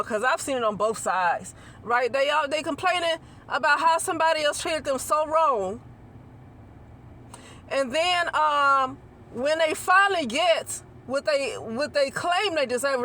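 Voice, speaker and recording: A woman's voice: high-pitched, a bit bright, slight background noise. Rambling woman musing on spirituality. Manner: rambling, repeats and restarts phrases, asks listeners to agree. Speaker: channel host. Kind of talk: casual spiritual monologue to camera.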